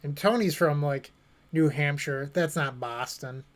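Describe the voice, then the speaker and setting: A man's voice: on the high side, a little slow. Chatty man narrating his card game. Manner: chatty, thinking aloud, joking with chat. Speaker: streamer playing a card game. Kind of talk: casual commentary while playing.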